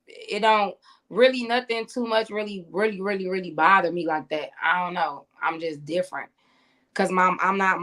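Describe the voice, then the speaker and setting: A woman's voice: fairly low pitch, fairly bright tone. A woman being interviewed, telling a blunt, profane story about her former cellmate and acting out the exchanges between them.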